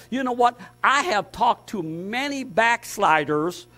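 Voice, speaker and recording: A man preaching as pastor, fervent, dropping to hushed tones and rising to loud, emphatic lists. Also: extremely high pitch, animated, moderate pace, few pauses. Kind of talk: sermon.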